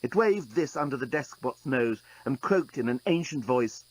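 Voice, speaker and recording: A man's voice: medium pitch, lively intonation, normal speed, low-quality recording. A man narrating an audiobook in a dry, wry storytelling manner.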